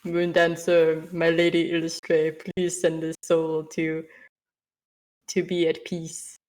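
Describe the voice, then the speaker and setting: A woman voicing a solemn cleric in a deepened voice, speaking slowly as she gives a blessing in a tabletop game. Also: completely flat delivery, darkish tone, poor audio. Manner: slow and solemn.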